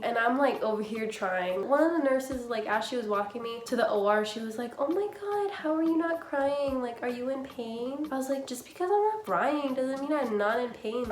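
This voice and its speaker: Young woman vlogger, candid and exasperated, casual storytime chat in a roomy echoing space. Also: fairly high pitch. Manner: candid, exasperated, swears freely. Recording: roomy echo.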